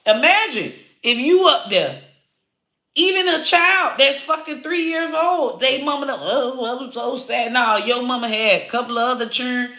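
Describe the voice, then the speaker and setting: A woman comedian ranting to camera, loud and profane, swearing freely and laughing at her own jokes. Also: high voice, moderate pace, roomy sound. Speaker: comedian and online creator. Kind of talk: unscripted profane rant to camera.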